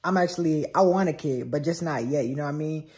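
A man's voice: fairly high pitch, fast talker, darkish tone. A young man vlogging with his partner on a phone camera at home, laid-back and teasing, talking straight to viewers. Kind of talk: casual couple vlog.

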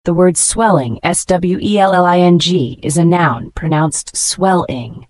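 A woman reading a scripted vocabulary lesson, spelling each word letter by letter and slowing down to pronounce it, with praise for the learner between words. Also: lowish voice, darkish tone, no echo. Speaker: English vocabulary teacher.

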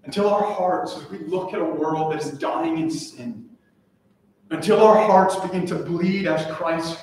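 This pastor's voice sits on the high side as he delivers an earnest, emphatic sermon in the sanctuary, hammering home his key phrases through repetition. The recording comes from a far-off mic in an echoey church, with a bit of hiss or hum.

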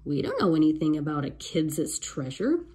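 An eager, bold little girl pipes up in a high voice, as a woman reading a storybook puts her on. The sound is a bit husky, with lively pitch. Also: normal speed, heavily acted. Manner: high piping voice.

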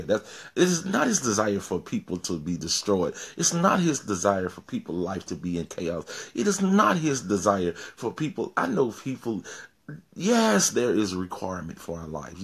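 A man's voice: sits low, husky. A male pastor giving an informal sermon, often repeating words and restarting, then rising to emphatic peaks.

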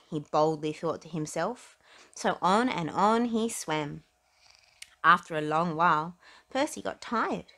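Woman, children's read-aloud, expressive storytelling, calm steady pace. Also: on the low side, measured pace. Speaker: storybook reader.

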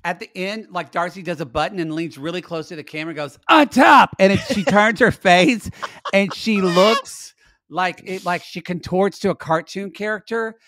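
Dude on a podcast, kinda high voice, wry scene-by-scene recap, dry mic. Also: male voice, normal speed, fairly bright tone, no room sound. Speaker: podcast co-host. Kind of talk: casual chat recapping reality TV.

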